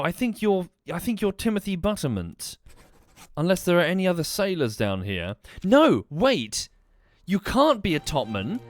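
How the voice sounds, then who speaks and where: A man streaming a game, thinking aloud and questioning the characters on screen. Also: high voice. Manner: musing aloud, talking to characters. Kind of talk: live game commentary.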